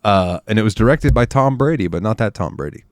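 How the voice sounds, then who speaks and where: A man's voice: lowish voice, animated, a little fast, clean tone, no room sound, clean studio sound. A man telling rambling, crude stories while chatting over drinks on a podcast. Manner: rambling storyteller, crude humor. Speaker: podcast guest or co-host. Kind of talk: casual chat over drinks.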